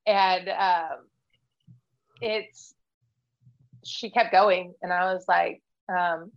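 A woman's voice: on the low side, steady tone, unhurried, vocal fry, dull audio. A woman guest in a casual interview, speaking candidly and earnestly, with frequent fillers and restarts. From United States. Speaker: podcast guest, Marine veteran.

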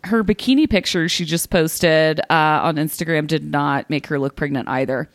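A woman's voice: sits low, normal speed, no echo, clean studio sound. A woman co-hosting a podcast in casual chat, recapping news in a chatty way with frequent fillers. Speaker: podcast co-host.

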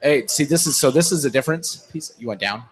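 Animated, joking man hosting a chat. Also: a little high, quick pace, rough recording. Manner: joking, rambling, laughs often. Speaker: podcast co-host. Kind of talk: casual chat.

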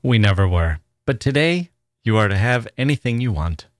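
Story reading: man doing an attentive father, gentle and coaxing, lowish voice. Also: animated, normal speed, no echo, clean studio sound, close to an everyday voice.

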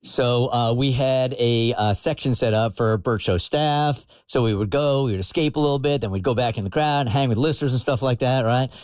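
A man hosting a morning radio show, telling stories in a relaxed chatty way and checking in with "right?". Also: mid-range voice, fairly quick, few pauses, clear, resonant tone, no room sound, studio quality. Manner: laid-back storytelling with frequent "right?". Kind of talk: casual morning radio chat.

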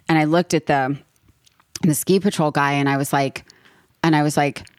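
Low-pitched woman, thirties, podcast host recounting a family scare, animated, dry close sound. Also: moderate pace, dry recording. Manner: emotional, animated retelling with quoted dialogue. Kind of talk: casual storytelling.

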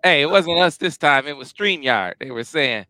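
A high-pitched male host talks in an energetic, emphatic, playful way. His voice is bright and crisp, recorded dry and close with no room sound. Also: moderate pace, dry recording. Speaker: podcast host. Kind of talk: casual sports show chat.

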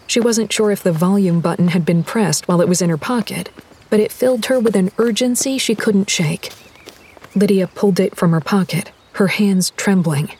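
A woman reading a horror audiobook in a measured, deliberate storytelling voice. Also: mid-range voice, a little mellow, slightly rough. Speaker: narrator. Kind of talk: scripted horror audiobook narration.

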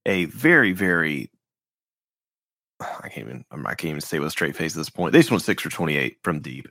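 A man's voice: extremely low pitch, big pitch swings, brisk, creaky, pushed and bright, no room sound, clean studio sound. A man hosting a casual sports podcast, rambling through game stats with a wry tone and frequent restarts. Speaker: podcast host.

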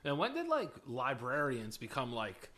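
A man's voice: mid-range voice, huge pitch swings, normal speed, sharp tone. A man co-hosting a comedy podcast, exaggerating and swearing emphatically in casual banter. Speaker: podcast co-host.

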